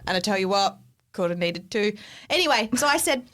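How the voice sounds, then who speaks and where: A woman co-hosting a podcast, telling a story in casual chat, animated and swearing freely. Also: mid-range voice, quick pace. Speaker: podcast co-host.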